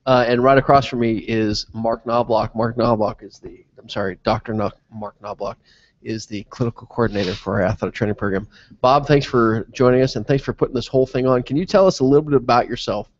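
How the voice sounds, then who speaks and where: A man with a slightly nasal voice hosts a casual live interview, cracking jokes and firing off quick follow-up questions. The mobile broadcast sound is a little dull and lo-fi. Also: mid-range voice. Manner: chatty, joking, asks quick follow-ups. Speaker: interviewer and host.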